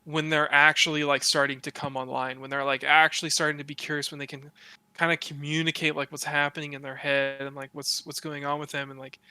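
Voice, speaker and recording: Young man, podcast host, bright tone, dry close mic, animated, swears a lot, filler words. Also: a little high, a little fast, smooth, no echo. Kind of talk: casual podcast chat.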